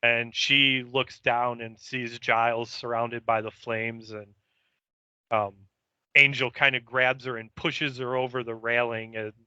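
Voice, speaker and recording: A man's voice: medium pitch, flat delivery, unhurried, pushed and bright, clean tone, no echo, lo-fi sound. A man co-hosting a podcast, recapping an episode in a meandering, hesitant way. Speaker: podcast co-host.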